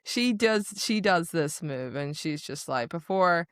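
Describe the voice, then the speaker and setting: A woman co-hosting a podcast, chatting casually about a book and acting out the characters' lines in quick asides. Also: lowish voice, lively intonation, smooth, no echo, clean studio sound. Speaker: podcast co-host.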